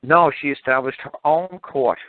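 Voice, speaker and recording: Over a narrow, phone-like line, a radio call-in host with a mid-range voice speaks at a moderate pace without echo. He's blunt and repetitive, exasperated, and swears now and then.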